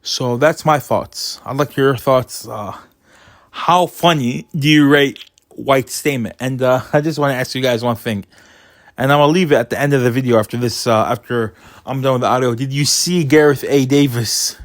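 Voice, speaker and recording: A man giving his opinionated casual commentary on a boxing result, getting animated as he retells funny moments. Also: medium pitch, normal speed, no room sound, studio quality.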